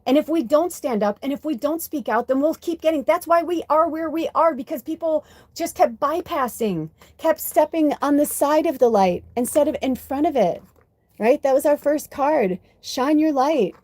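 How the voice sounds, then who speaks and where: A middle-aged American woman talks straight into her livestream, swearing freely and ranting with conviction. Her voice sits a little high, and the recording is close and dry with no room echo. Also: normal speed, a little mellow. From United States. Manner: blunt, heavy swearing, impassioned ranting. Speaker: spiritual channel host. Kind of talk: casual livestream monologue.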